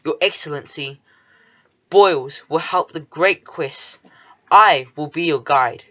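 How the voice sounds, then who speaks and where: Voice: medium pitch, takes it slowly, pushed and bright. Reader doing a sarcastic little chameleon guy, mocking, storybook, muffled recording. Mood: eager. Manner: eye-rolling, mocking. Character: sarcastic small male chameleon sidekick.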